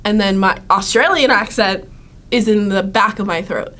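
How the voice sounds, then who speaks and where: A woman co-hosting a podcast in easy, casual chat. She gushes with enthusiasm and laughs often, at a middle pitch. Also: moderate pace, a bit bright. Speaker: podcast co-host.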